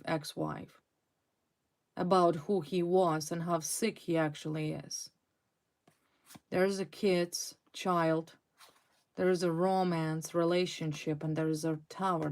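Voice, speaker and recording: Woman tarot reader, slow, fairly low voice, intense, repeats words. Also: a little mellow. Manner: intense, repetitive, dramatic emphasis. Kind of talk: tarot reading to viewers.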